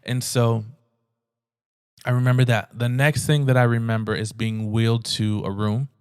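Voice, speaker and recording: A man hosting a podcast, telling his own story in a halting way with many restarts and fillers. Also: mid-range voice, level tone, a little mellow, clean tone, dry recording, studio quality. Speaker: podcast host. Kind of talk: personal storytelling.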